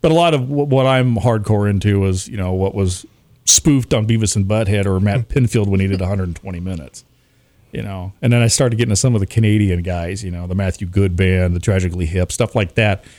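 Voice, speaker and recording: A man's voice: on the low side, a little fast, a little mellow, dry recording. A man, a radio DJ chatting casually as a podcast guest, rambling and poking fun at himself. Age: 40s. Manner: rambling, self-mocking, chuckles often.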